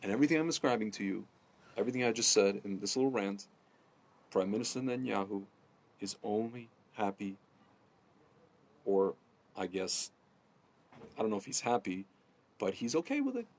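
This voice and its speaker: A man ranting casually to camera, rambling with many fillers and restarts, often addressing his audience as ladies and gentlemen. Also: fairly low pitch, sing-song, moderate pace, pauses often. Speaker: political commentator. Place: home in Jerusalem.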